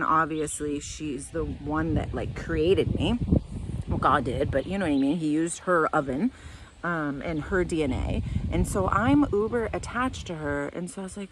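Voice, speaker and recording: A woman's voice: sits low, background noise. A middle-aged woman telling a personal story in a candid, rambling way, tearing up at times. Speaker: vlogger.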